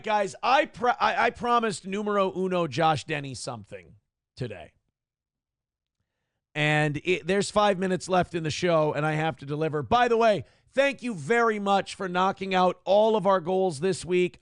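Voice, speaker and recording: A man's voice: fairly high pitch, gravelly, no room sound, studio quality. Crude rambling male livestream host. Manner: crude, rambling, self-mocking. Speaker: morning show host. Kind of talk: casual livestream chat.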